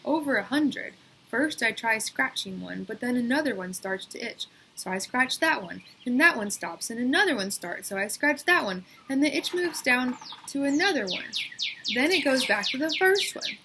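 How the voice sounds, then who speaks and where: A woman's voice: on the high side, lively intonation, moderate pace, gravelly, pushed and bright, a little hiss or hum, pitched above the performer's own voice, full character voice. A woman voicing a whiny schoolgirl who complains in a whining voice.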